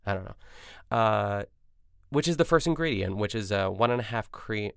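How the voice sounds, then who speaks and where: A man's voice: fairly low pitch, expressive, normal speed, gravelly, smooth, no echo, clean studio sound. A man hosting a podcast, recapping a cooking show in a casual, rambling way with lots of asides and self-corrections. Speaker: podcast host.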